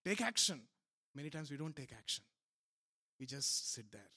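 High-voiced man preaching emphatically. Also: very animated, moderate pace. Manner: emphatic, repetitive exhortation, swinging between soft and loud. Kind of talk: sermon.

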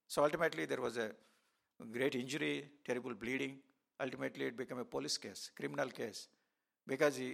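A man preaches a sermon, telling a story in a halting way full of fillers and restarts. His voice is gravelly and bright, and sits a little high for a man. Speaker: pastor.

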